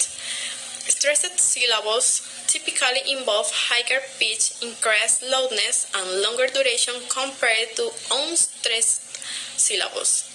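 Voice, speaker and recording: Slow, careful young woman reading aloud. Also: a little high, low-quality recording. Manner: careful, deliberate reading with pauses between example words. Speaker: student presenter. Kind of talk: read-aloud class presentation. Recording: steady background noise.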